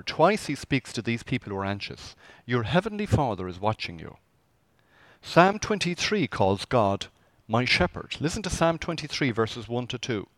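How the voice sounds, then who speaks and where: A man's voice: medium pitch, very animated, moderate pace, fairly bright tone, no echo. A man preaching a conversational sermon as pastor, asking the congregation rhetorical questions.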